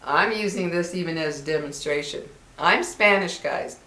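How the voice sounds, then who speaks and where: A woman's voice: fairly low pitch, normal speed, bright, forceful tone. Older woman reminiscing in a roomy echo. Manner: chatty and reminiscing, acts out quoted voices. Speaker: vlogger. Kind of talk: casual chat to viewers.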